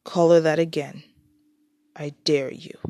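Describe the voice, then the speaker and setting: A woman's voice: deep voice, little pitch movement, a little slow, vocal fry, a little mellow, no room sound, clean studio sound. A woman voicing a curt, protective young man.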